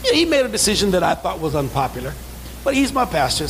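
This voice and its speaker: Male pastor, high gravelly voice, call-and-response sermon, faint hiss behind. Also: big pitch swings, fairly quick. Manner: preaching with call-and-response, building to shouts; acts out quoted voices in asides. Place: church sanctuary.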